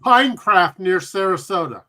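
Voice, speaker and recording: A man's voice: high-pitched, expressive, normal speed, bright, forceful tone. A man in casual group chat, easygoing, who adds facts and repeats his first words.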